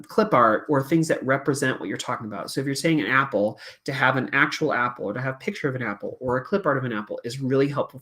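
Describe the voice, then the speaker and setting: A chatty male music teacher presenting to other educators. His voice is bright and forward, with an easy, animated delivery. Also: mid-range voice.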